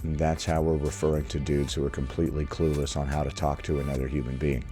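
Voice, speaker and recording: A man's voice: rumbling low, flat delivery, quick pace, mellow, faint music behind. A man hosting a reaction video, giving casual, sarcastic, mocking commentary on a clip.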